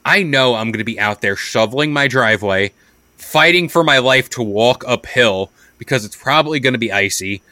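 Bright rambling young man. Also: medium pitch, lively intonation, moderate pace, dry recording. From New York. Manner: rambling, says "like" a lot. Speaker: podcast co-host. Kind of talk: casual chat.

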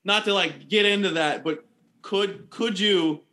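A man's voice: sits high, measured pace, sharp tone. A man hosting a podcast, asking playful questions in a sarcastic, joking way. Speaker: podcast host. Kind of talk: casual podcast chat.

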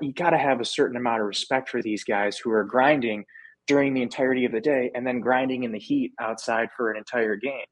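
A young American man, a former ballplayer, chatting casually as a podcast guest, telling stories in a relaxed way with frequent restarts and slang. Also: medium pitch, slightly rough, dry recording. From United States. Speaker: podcast guest, former minor league player. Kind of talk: casual interview chat.

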